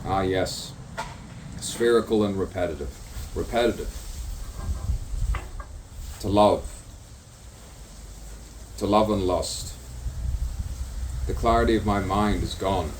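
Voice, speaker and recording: Outdoors, a man improvises a rambling stream-of-consciousness monologue full of rhyming wordplay, repeating words over and over. His voice sits low, he goes slowly with frequent pauses, and the mic is distant with faint background noise.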